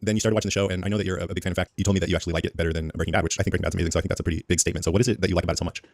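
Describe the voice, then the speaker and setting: A low-voiced man hosts a podcast at a rapid clip, loose and joking, full of fillers and quick laughs. The recording is dry and close. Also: fairly even intonation, no echo. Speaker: podcast host. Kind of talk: casual podcast interview.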